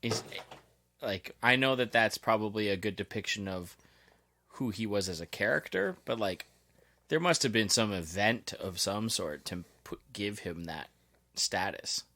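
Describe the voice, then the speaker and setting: A man's voice: fairly low pitch, a little slow, pushed and bright. A man co-hosting a podcast in casual chat, reacting bluntly and swearing freely. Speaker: podcast co-host.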